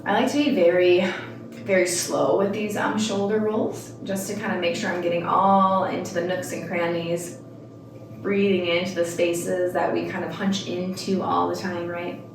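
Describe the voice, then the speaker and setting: A woman instructor guiding a yoga class, calmly cueing breath and movement with casual, rambling asides. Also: fairly low pitch, normal speed, gravelly, background noise. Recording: echoey room, mic at a distance.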